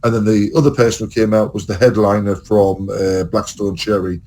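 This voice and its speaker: A man's voice: fairly low pitch, steady tone, fairly quick, mellow, low-quality recording. Sweary rambling man chatting. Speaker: podcast host. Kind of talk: casual chat.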